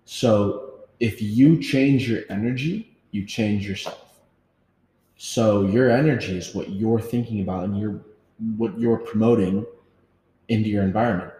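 A man's voice: on the low side, unhurried, warm tone. A man hosting a casual podcast conversation, talking earnestly and motivationally, swearing casually. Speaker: podcast host. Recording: echoey room with faint noise.

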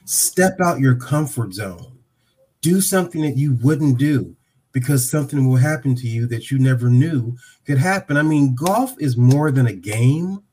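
A man in his sixties from Ohio, a podcast guest telling a story and acting out the dialogue with lively voices. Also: medium pitch, measured pace, husky. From Dayton, Ohio.

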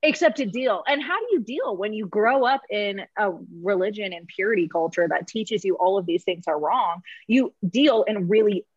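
A woman's voice: mid-range voice, animated, breathy edge, dry recording. Young woman chatting, lots of ums and likes, dry lo-fi sound, kinda shaky. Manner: halting, many fillers, laughs through tears. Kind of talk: emotional casual chat. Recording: dull lo-fi sound.

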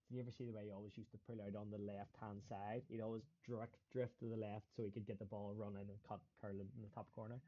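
A middle-aged man from Northern Ireland with a Belfast accent, a former footballer telling lively stories as a podcast guest, laughing often and acting out quotes. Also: on the low side, lo-fi sound. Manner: animated storyteller, laughs often, acts out quotes. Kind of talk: storytelling in a podcast interview.

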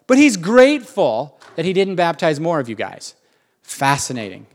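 A male pastor preaching a sermon in an animated, conversational way with emphatic questions. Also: on the high side, moderate pace.

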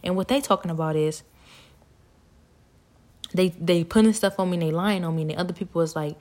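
A woman, talking in a rambling, animated personal monologue, laughing often and sometimes dropping to a near-whisper. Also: on the low side, fairly quick, pauses often.

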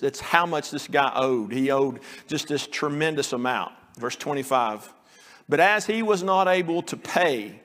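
With a fairly high, bright voice and a long reverb tail, a male pastor preaches an earnest sermon. Every so often he acts out the story's pleading lines.

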